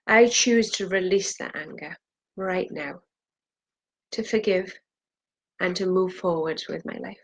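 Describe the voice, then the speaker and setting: A woman's voice: fairly low pitch, measured pace, long pauses. A woman leading a guided tapping session, saying phrases for the viewer to repeat and pressing harder on the angry lines. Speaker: EFT tapping practitioner.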